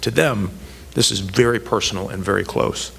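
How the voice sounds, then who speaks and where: A man with a low, gravelly voice gives a public speech. He tells personal anecdotes with dry, self-deprecating humor. He drives his points home with repeated, emphatic phrases. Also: normal speed, fairly bright tone, a little hiss or hum. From United States. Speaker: congressman giving a speech.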